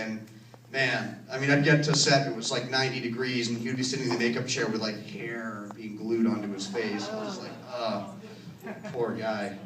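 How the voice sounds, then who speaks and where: Man, casual Q and A, rambling anecdotes, echoey cinema hall, off-mic. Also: mid-range voice. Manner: rambling, self-correcting, laughs while telling stories. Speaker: filmmaker answering audience questions. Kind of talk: casual Q and A storytelling. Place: cinema auditorium. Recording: roomy, distant from the mic, faint noise.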